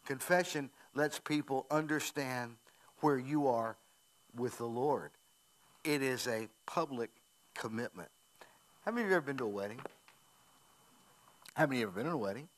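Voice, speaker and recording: An American man, a pastor, preaching a sermon in a church, repeating key phrases and sinking his voice low for emphasis. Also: normal speed, pauses often. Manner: conversational preaching, emphatic repeats, drops to near whisper. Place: church sanctuary.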